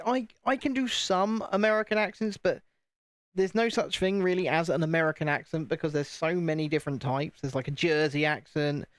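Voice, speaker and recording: British male host, casual stream chat, joking and self-deprecating, slightly high voice, dry close sound. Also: dry recording. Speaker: channel host. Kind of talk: casual live-stream chat while building.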